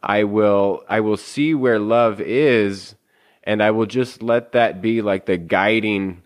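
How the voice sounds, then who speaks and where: A man's voice: on the low side, takes it slowly. A man in a casual conversation, speaking earnestly and reflectively with frequent restarts.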